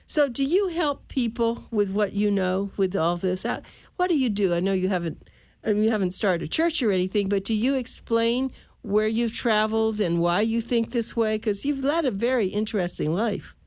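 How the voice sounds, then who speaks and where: A woman hosts the conversation, asking questions in a halting way padded with fillers. Her medium-pitched voice sounds close and dry, with no room around it. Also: expressive, a little mellow, no echo. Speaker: host. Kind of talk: interviewing a guest.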